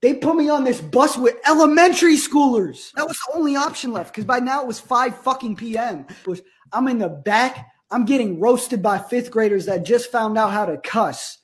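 A young man from Russia telling a profane, comic story about school in a deadpan way, acting out the people in it. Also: extremely high pitch, normal speed, hardly any pauses, slightly rough. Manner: profane, deadpan, animated quoting. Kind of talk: comedic storytelling.

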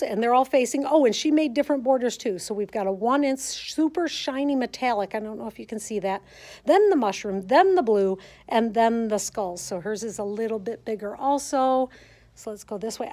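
In a sewing center classroom, a Midwestern American quilting teacher films herself walking viewers through a show of quilts. Her fairly high voice has a darkish tone, and her manner is chatty and enthusiastic in this casual show-and-tell.

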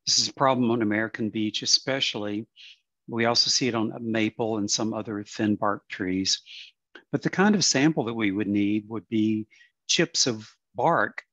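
A man presenting on plant diseases in a webinar, explaining in a halting way with many fillers and some throat clearing. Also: on the low side, a bit bright, dry recording.

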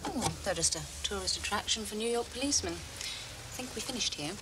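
An actress playing a cool, upper-class English woman detective in a 1980s crime drama, crisp and dry in manner. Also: medium pitch, expressive, a little fast, close to an everyday voice. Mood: brisk. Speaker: police detective. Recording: noisy 1980s TV soundtrack, distant.

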